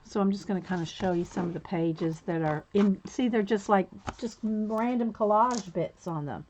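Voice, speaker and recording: A woman's voice: medium pitch, normal speed, a little mellow, dull audio, slight background noise. A woman hosting a crafting livestream, chatting casually and greeting viewers by name while she cuts and sorts art cards. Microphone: camera mic set low on the desk.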